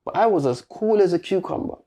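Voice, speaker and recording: A man with a British accent tells a personal story in a relaxed interview, his voice gravelly and dark. He talks in casual street slang and acts out the back-and-forth himself. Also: sits high, fast talker. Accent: British English. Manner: animated, slangy street talk with quoted dialogue. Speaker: guest.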